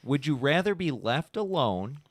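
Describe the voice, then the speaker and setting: A man's voice: fairly high pitch, sing-song, a little slow, no echo. Podcast host guy, rambly casual chat, dry close mic sound. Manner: rambling, loose, many "like"s and "you know". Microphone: podcast microphone.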